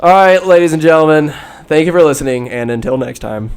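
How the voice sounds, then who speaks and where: A man hosting a podcast, telling a movie recap in a rambling, animated way and acting out the characters' lines. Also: on the high side, a little fast, smooth, faint music behind. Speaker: podcast host. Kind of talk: casual solo movie recap.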